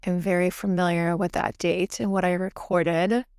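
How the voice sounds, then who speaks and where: A woman's voice: lowish voice, little pitch movement, normal speed, a little mellow, smooth, dry recording, clean studio sound. Candid, profane young woman podcaster. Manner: frank and profane, chatty with many fillers; laughs through heavy topics. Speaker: podcast host. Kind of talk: candid solo podcast monologue. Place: home, recorded late at night.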